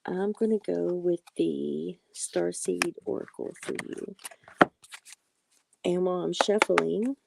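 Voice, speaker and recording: A woman reading oracle cards on a live stream, talking softly and affectionately to viewers and often apologizing. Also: on the low side, takes it slowly, gravelly, very noisy. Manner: soft-spoken, affectionate, calls viewers sweetie and honey; apologetic and reassuring. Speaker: livestream tarot and oracle card reader.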